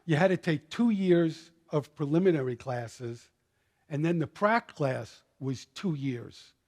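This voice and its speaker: An older man, a minister, giving a sermon in a church and telling a story, turning soft and hushed when moved. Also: on the high side, animated, unhurried, in a large hall. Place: church sanctuary.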